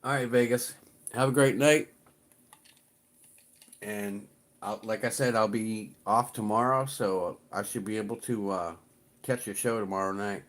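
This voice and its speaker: Rambling lower-voiced man on a livestream. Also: measured pace, pauses often. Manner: rambling, swears casually, greets chat viewers. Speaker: livestream host. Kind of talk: casual livestream chat.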